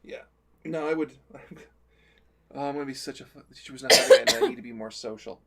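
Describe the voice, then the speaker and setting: A man's voice: on the high side, very animated, quick pace, creaky, a bit bright. A man chatting casually on a livestream, joking and acting out silly imagined conversations. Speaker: co-host.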